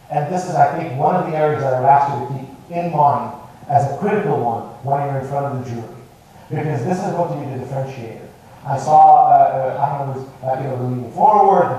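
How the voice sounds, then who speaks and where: A fairly high-voiced man gives a live coaching talk with emphatic, varied intonation and the odd stumble over repeated words. He sounds set back from the mic in a very echoey room. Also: dark tone, recorded from a distance. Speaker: presentation coach. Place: training room with contestants.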